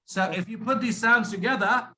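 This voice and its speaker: A man teaching pronunciation over a video call, stretching out words slowly and patiently to demonstrate stress. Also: sits high, sharp tone, poor audio. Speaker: pronunciation coach. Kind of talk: online speaking lesson.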